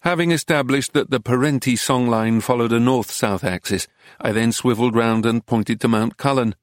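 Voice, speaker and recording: Male narrator, mid-pitched, steady travelogue read, dry close mic. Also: normal speed, no echo. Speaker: audiobook narrator. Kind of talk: scripted narration.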